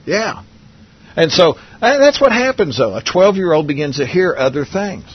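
A man's voice: on the high side, big pitch swings, normal speed, husky, lo-fi sound. A man preaching a Bible lesson in a conversational way, asking his listeners questions and often restarting his sentences. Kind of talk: Bible teaching sermon.

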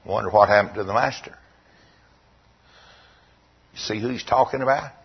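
Husky man preaching a sermon. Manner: storytelling, quoting scripture in a slow, lowered voice. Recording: dull lo-fi recording.

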